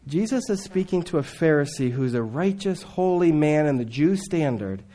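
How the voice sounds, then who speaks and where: A man preaching a sermon, swinging between loud emphatic lines and hushed, low asides. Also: lively intonation, normal speed.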